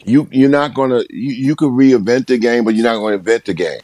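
A man's voice: medium pitch, fairly quick, dark tone, no room sound, studio quality. A man in his sixties, a guest in a casual interview, talking emphatically and repeating phrases for stress. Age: 60s.

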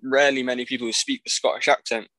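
A man chatting casually as a podcast co-host, relaxed, laughing and swearing. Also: medium pitch, fast. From England. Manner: laid-back, laughs easily, swears. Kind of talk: casual chat.

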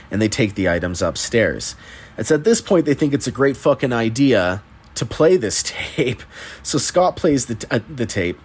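A man's voice: mid-range voice, breathy edge. Male podcast host, mid-range voice, loose and profane plot recap. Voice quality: chatty, profane, laughs at the plot. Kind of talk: casual movie recap.

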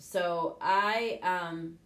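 A woman's voice: lowish voice, fairly even intonation, drawn-out words, a bit bright. A middle-aged woman coach and show host, talking frankly and casually, with the odd swear word. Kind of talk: casual motivational talk. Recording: echoey room.

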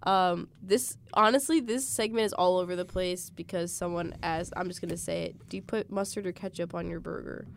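A young woman hosts a relaxed podcast chat with a slightly low voice. She reads listener questions aloud and talks them over casually. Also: brisk, vocal fry, hardly any pauses, a little hiss or hum. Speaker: podcast host.

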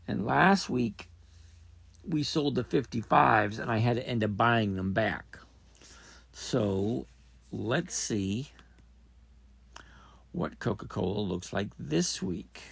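A man's voice: mid-range voice, lively intonation, takes it slowly, pauses often, no echo. A man hosting a casual podcast, rambling and correcting himself as he thinks aloud. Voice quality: gravelly, husky. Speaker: podcast host. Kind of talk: casual trading podcast talk.

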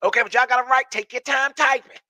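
A man's voice: extremely high pitch, steady tone, fast talker, pushed and bright, dry recording. A man with a Washington, DC accent hosting a live stream, reading viewer comments with brassy, profane, sassy banter.

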